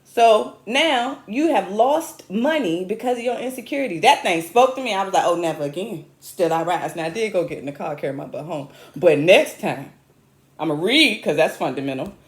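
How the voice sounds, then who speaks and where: Animated woman comic, roomy echo. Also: normal speed. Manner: animated, chatty, self-mocking with sudden high squeals. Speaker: comedian host. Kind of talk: comic storytelling monologue.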